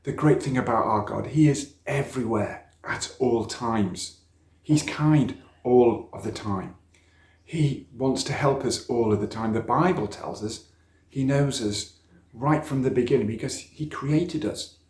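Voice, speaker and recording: A man's voice: mid-range voice, unhurried, a little mellow. Middle-aged man, storytelling sermon, roomy church sound. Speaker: speaker at a church youth talk. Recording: echoey church room.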